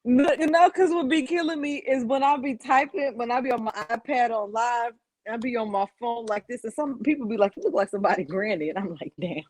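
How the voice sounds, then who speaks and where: A woman's voice: a little high, brisk, a little mellow, no room sound, low-quality recording. Young Southern woman, dry close sound. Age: 20s. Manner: playful, rambling, self-mocking. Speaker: guest, content creator. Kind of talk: casual interview banter.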